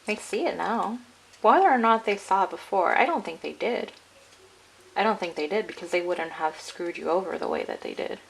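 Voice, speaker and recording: A woman with a fairly low, gravelly voice talks her viewers through a tarot reading. She rambles in a loose, chatty way, leaning on "like" and "I'm getting." The delivery stays casual and conversational. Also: lively intonation, moderate pace, rough recording. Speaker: tarot card reader.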